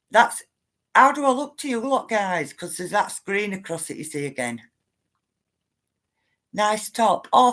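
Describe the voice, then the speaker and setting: Slow-talking woman streaming live. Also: mid-range voice, a bit bright. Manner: chatty, greets viewers by name, rants at times. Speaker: livestream host. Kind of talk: casual livestream chat.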